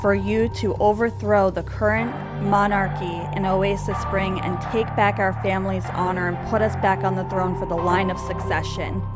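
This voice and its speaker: A woman's voice: mid-range voice, little pitch movement, normal speed, hardly any pauses, lightly acted. A woman voicing a proud queen who answers back indignantly, over background music. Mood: resolute. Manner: indignant, defiant.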